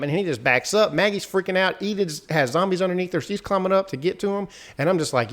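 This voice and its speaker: A man co-hosting a casual recap chat, telling the story in an excitable, animated way. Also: fairly high pitch, fast talker, few pauses. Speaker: podcast co-host.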